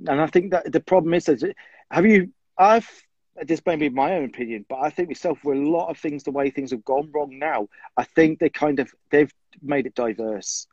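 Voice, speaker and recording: A man's voice: a little high, normal speed, darkish tone, husky, dry recording. A man and military veteran in casual chat, reflective and conversational. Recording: dull, dry lo-fi mic.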